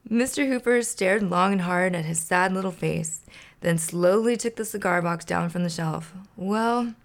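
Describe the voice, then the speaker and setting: Woman host, playful storybook reader, slightly gravelly voice. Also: fairly low pitch, moderate pace. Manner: playful, laughs to herself. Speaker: podcast host. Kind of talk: reading a children's storybook aloud.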